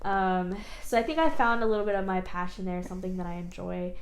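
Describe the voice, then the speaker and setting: A woman's voice: fairly low pitch, fairly even intonation, fast, a little hiss or hum. A young woman chatting casually as a video co-host, emphatic and full of fillers. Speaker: YouTube co-host. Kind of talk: casual chat. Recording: roomy echo.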